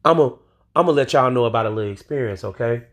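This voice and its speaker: A man's voice: medium pitch, fast talker. A man from the United States ranting on his own podcast, emphatic and profane, using street slang and talking straight to his listeners. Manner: emphatic and profane, swears freely. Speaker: podcast host. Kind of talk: solo podcast rant.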